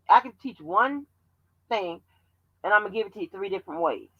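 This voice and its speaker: A woman hosting a livestream, talking bluntly and profanely in animated commentary. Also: lowish voice, no room sound, muffled recording. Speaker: channel host.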